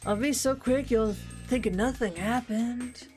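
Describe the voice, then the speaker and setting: A woman's voice: fairly high pitch, unhurried, a little mellow, soft background music, natural voice. Woman doing big laid-back hippie farmhand; drawling, slangy, easygoing.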